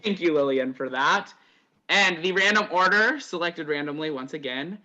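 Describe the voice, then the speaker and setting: Male host, online game night: sharp bright tone, slightly higher pitch, casual, laughs easily. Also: expressive, moderate pace, lo-fi sound. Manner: loose, chatty, laughs between announcements. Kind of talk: hosting over group voice chat.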